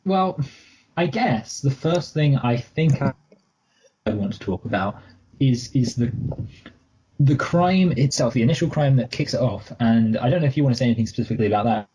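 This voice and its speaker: A man's voice: medium pitch, animated, moderate pace, mellow, breathy edge, rough recording. A man co-hosting a casual movie review chat, rambling and correcting himself, with joking asides. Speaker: podcast co-host.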